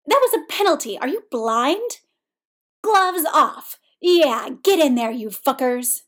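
A woman voicing a cocky adult man who shouts and cheers at a hockey game in a storybook reading. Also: fairly high pitch, expressive, moderate pace. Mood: rowdy cheering. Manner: shouting, exuberant. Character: loud cocky male hockey fan, adult.

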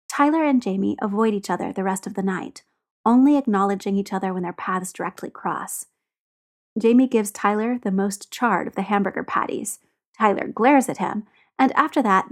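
Female audiobook narrator, even and expressive. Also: mid-range voice. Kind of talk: reading fiction aloud.

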